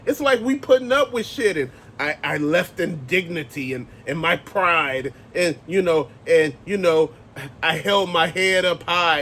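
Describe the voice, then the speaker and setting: Profane ranting man, high voice. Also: expressive, a little slow, a bit bright. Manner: profane, emphatic, heated ranting. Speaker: channel host. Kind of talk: ranting commentary vlog.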